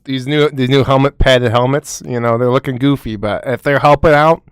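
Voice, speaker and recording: A man's voice: mid-range voice, fairly even intonation, a little fast, clean tone. A man co-hosting a football podcast, talking casually with lots of swearing and laughter. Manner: profane, laughing, hyped. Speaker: podcast co-host. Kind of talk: casual sports chat.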